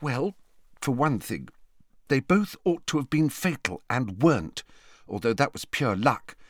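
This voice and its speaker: A man's voice: medium pitch, big pitch swings, measured pace, no echo, studio quality, pitched above the performer's own voice. A man voicing a clever teenage girl who sounds congested and broods as she reasons. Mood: brooding. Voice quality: congested, like a head cold.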